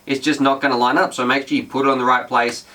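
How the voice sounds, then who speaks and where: Man, host, bright forceful voice, a bit off-mic. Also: mid-range voice, flat delivery, fast, far from the mic. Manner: reads viewer questions aloud, chatty. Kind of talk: casual Q&A chat.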